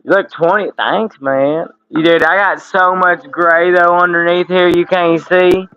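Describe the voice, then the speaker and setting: Bright-voiced man in his thirties, streaming. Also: high voice, fairly even intonation, measured pace, clear, resonant tone, dull audio. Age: 30s. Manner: profane, laughing, loose banter. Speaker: livestream host. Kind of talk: casual livestream chat. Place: home room with window air conditioner.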